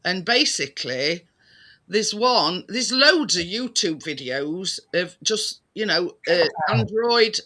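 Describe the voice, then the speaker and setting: A British man chatting casually, his voice high and very bright. He talks slowly and rambles, restarting sentences and dropping fillers as he goes. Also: very animated. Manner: rambling, many restarts and fillers, laughs easily. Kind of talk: casual chat.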